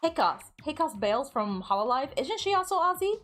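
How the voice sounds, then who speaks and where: A woman's voice: high-pitched, sing-song, brisk, fairly bright tone, soft background music. A woman from the United States chatting casually while gaming on stream, giggling often and rambling through lots of filler words.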